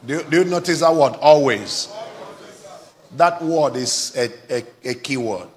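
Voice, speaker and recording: A Nigerian pastor with a slightly high voice and lively intonation preaches a live sermon at an unhurried pace before his congregation. He exhorts the listeners, rises to fervent shouting, and prompts them into call-and-response.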